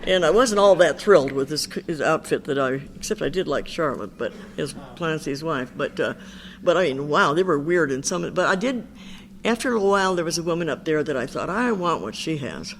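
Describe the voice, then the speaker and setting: At an Al-Anon meeting, an older woman tells her recovery story with a low-pitched, animated voice that moves fairly quickly. She's candid and chatty, frequently quoting what other people said to her.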